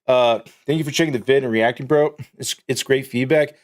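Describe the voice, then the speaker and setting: A man's voice: mid-range voice, brisk. A man live streaming, chatting casually in a rambling, profane, joking way.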